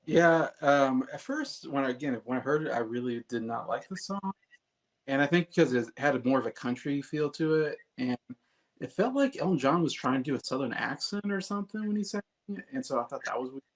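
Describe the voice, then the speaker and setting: A man's voice: medium pitch, lively intonation, a little fast. A man co-hosting an album review, chatting casually in a rambling, hesitant way with many restarts. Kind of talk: casual chat.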